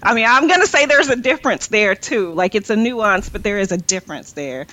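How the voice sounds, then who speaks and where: A woman in candid conversation, speaking directly and firmly and holding her position in a measured way. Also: medium pitch, animated, bright, forceful tone, no echo, rough recording.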